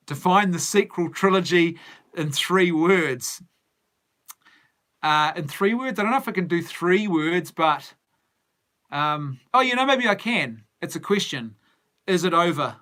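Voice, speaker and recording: Bright-voiced New Zealand man. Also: fairly high pitch. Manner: musing, answers viewer comments aloud. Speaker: movie news show host. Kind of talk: casual live-stream chat.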